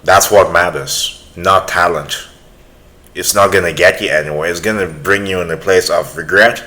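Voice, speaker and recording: A man's voice: low voice, normal speed, pushed and bright. A man hosting a reaction channel, giving earnest, emphatic motivational commentary.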